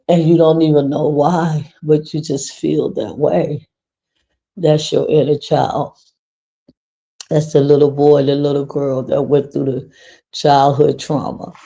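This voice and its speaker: A woman talks to her livestream viewers in an earnest, unhurried way and repeats key phrases for emphasis. Her voice is mellow and stays fairly flat. The audio is dull and lo-fi. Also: deep voice. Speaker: livestream host. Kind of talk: casual livestream monologue.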